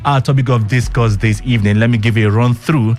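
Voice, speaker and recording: This medium-pitched host talks fast with fairly even intonation while faint music plays behind him. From a radio studio he chats casually, covers the news, and speaks right to listeners with rhetorical questions and many ums.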